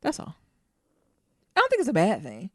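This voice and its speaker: Candid podcast co-host woman, lively voice. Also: medium pitch, normal speed, breathy edge, no room sound, studio quality. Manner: candid, animated, talks to listeners directly. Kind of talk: casual chat.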